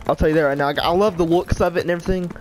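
A man's voice: on the high side, fairly even intonation, very fast, a little hiss or hum. A man giving rambling, frustrated gameplay commentary in a whiny tone. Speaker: gaming YouTuber.

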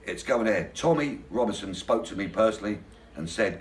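A very low-voiced man answers questions about a demonstration he is organizing, earnest and determined, with the odd filler as he searches for words. He sounds set back from the mic in a reverberant room. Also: animated, a little hiss or hum. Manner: earnest, resolute, halting with fillers. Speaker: demonstration organizer being interviewed. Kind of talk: casual interview answers. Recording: echoey room, distant mic.

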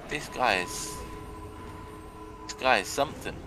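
A young man giving sarcastic, excitable commentary on a video game match and swearing now and then. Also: mid-range voice, measured pace, creaky, pauses often, background noise. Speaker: arena commentator.

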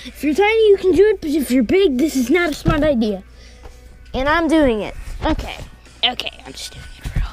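Playful high-voiced young woman vlogging. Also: animated, fairly quick. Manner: playful, jokey, swings between loud and whispering. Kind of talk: casual vlog. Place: at home, partly outdoors. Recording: music playing clearly behind.

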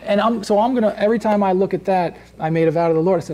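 A man's voice: high-pitched, steady tone, fast talker, warm tone. A man preaching a sermon in a church, talking in a loose, conversational way with many restarts, asides and frequent "right?" checks to the congregation. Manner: tags points with "right?" and "all right?". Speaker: pastor.

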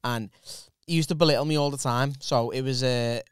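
A man's voice: medium pitch, clean tone, no room sound, studio quality. A man with a Liverpool accent, co-hosting a comedy podcast and telling crude, punchy stories. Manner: crude, fast, punchy storytelling. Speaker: podcast co-host. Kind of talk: casual storytelling chat.

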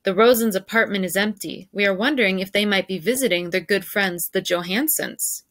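A woman's voice: mid-range voice, fairly quick, fairly bright tone, no echo, clean studio sound, natural voice. A woman reading aloud, voicing a stern, scornful male officer who barks orders. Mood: harsh. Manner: barking, scornful. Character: harsh stern adult male Nazi officer.

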